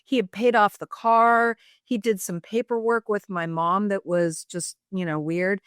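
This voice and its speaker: Woman, podcast guest, reflective storyteller, quotes dialogue, medium pitch, dry close sound. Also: steady tone, unhurried, a bit bright, smooth, no room sound. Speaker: guest, sister of the subject. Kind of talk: casual interview storytelling.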